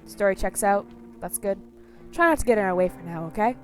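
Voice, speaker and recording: A woman's voice: mid-range voice, lively intonation, brisk, a little mellow, faint music behind, close to an everyday voice. A woman voicing a curt male police officer who speaks in a brusque, clipped way.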